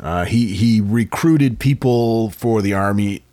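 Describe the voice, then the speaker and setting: A man co-hosting a podcast, telling an odd historical story in a casual, animated way. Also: lowish voice, slow. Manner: animated storyteller with frequent uh fillers. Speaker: podcast co-host.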